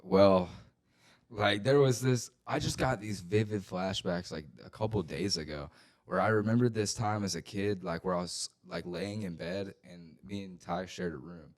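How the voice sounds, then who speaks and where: Young male podcast co-host, deep voice, rambling profane storyteller, gets loud when excited. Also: normal speed. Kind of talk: casual storytelling chat.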